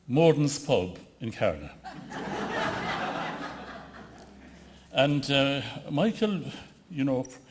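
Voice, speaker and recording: A man from the west of Ireland with a Connemara accent gives an anecdotal tribute speech, often restarting and hesitating as he tells his stories. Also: mid-range voice. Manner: storytelling with frequent restarts and hesitations. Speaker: award ceremony speaker.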